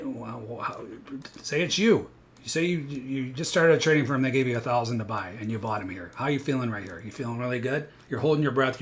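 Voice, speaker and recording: During a live trading walkthrough, a man with a medium-pitched voice explains futures chart patterns to viewers. He's animated, tossing in quick asides and energetically mimicking panicked traders, over a faint hiss or hum.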